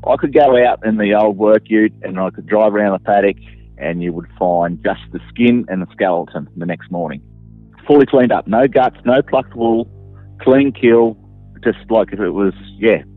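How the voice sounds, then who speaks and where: Low-voiced Australian farmer on the phone. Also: male voice, no room sound. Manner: plain-spoken, matter-of-fact, trails off. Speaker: sheep farmer. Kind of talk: casual recollection. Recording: tinny phone line with faint music.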